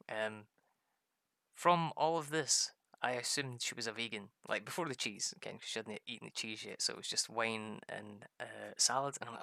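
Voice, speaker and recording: Scottish man, gaming host, loose and rambling, bright crackly voice. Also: medium pitch, steady tone, quick pace, creaky, no echo, studio quality. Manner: rambling, laughs often, mimics voices in quoted lines. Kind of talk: casual commentary while playing a farming game.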